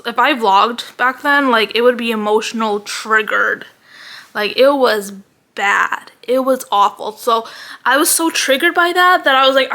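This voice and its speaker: Young woman vlogger, high bright voice, animated sweary rant, slightly out of breath. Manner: animated, heavy use of "like", swearing. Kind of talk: casual ranting vlog.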